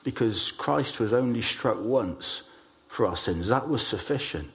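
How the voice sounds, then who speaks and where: A man preaching a sermon, telling stories and stressing key phrases slowly. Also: mid-range voice, expressive. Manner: storytelling, emphatic with slow stressed phrases.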